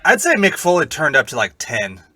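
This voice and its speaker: A man co-hosting a podcast, chatting casually and telling animated, profane stories. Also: a little high, a little fast, slightly rough. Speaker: podcast co-host. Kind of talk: casual chat.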